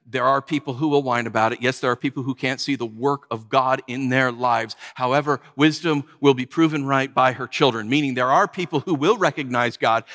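A man preaching a sermon, animated and acting out whiny voices to make his points. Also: medium pitch, long reverb tail. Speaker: pastor.

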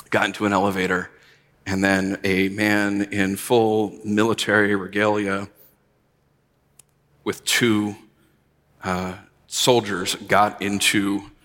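A man preaching a sermon as pastor, telling stories and rising to animated emphasis. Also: fairly low pitch, long reverb tail.

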